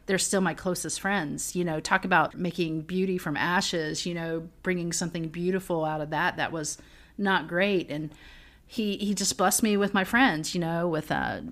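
A middle-aged woman with a fairly low voice shares personal stories on a casual faith podcast. She talks earnestly and breaks into laughter often. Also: steady tone, normal speed, fairly bright tone. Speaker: podcast co-host.

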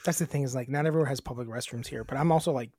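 A woman's voice: extremely low pitch, racing, dark tone, dry recording. A woman co-hosting a podcast, chatting casually and telling crude, rambling stories where she acts out her own lines. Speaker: podcast co-host. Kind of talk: casual chat.

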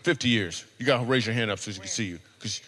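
Teasing comedian working the crowd. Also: male voice, lowish voice, fast, a bit bright, in a large hall. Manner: loose, teasing, conversational. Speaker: stand-up comedian. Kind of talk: stand-up crowd work.

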